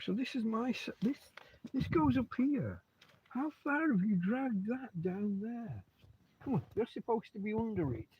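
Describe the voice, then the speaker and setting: A man's voice: high-pitched, darkish tone, breathy edge, dull audio. A man hosting a casual livestream from his bed at home, rambling and swearing freely as he chats. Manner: heavy swearing, rambling asides. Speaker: livestream host.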